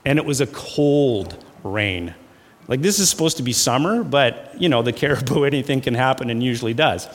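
A man's voice: mid-range voice, animated, normal speed, long reverb tail. A man preaching a sermon, emphatic and repetitive, shifting into folksy storytelling with casual fillers. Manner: emphatic, repeats phrases for effect. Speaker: pastor.

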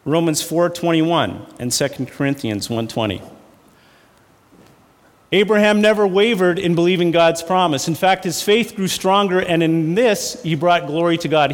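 Man, pastor preaching, emphatic repetition, folksy asides, slightly high voice, long hall reverb. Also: lively intonation, moderate pace. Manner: emphatic, repeats phrases for effect; folksy storytelling with fillers and laughs. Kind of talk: sermon.

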